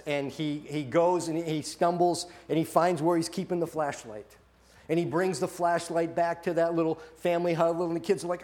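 Pastor, male, slightly high voice, animated sermon delivery with acted-out quotes and restarts. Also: fairly quick.

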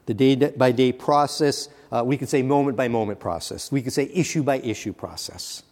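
A man preaching a sermon, earnest and building to fervent emphasis, with halting restarts. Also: mid-range voice, a little mellow. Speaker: pastor. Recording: long hall reverb.

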